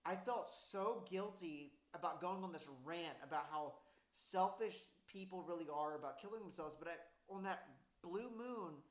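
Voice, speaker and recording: A man's voice: sits high, normal speed. Profane rambling young man, echoey room. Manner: profane, rambling, gets loud and laughing when worked up. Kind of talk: casual storytelling chat.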